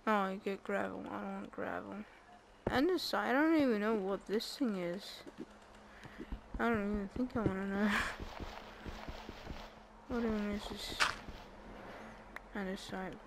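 A woman's voice: medium pitch, unhurried, vocal fry, pauses often, noisy background. A young woman giving casual, chatty commentary while playing a video game, thinking aloud and bursting into laughs and squeals. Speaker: gamer. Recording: game music behind the voice.

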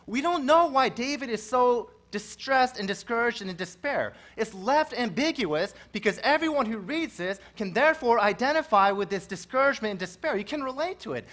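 A man's voice: extremely high pitch, sing-song, fairly quick, a bit bright. A male pastor preaching a sermon in an earnest way, his emphasis rising and falling.

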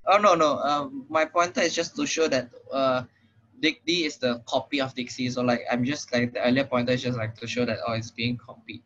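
A young man with a Singaporean English accent teaches programming over an online call. He talks casually, with frequent fillers and "right?" check-ins, in a bright, forceful voice. The audio is muffled and lo-fi, like a computer microphone. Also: medium pitch, fairly even intonation, fairly quick. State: slightly out of breath. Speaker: programming tutor. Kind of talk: online tutorial lesson.

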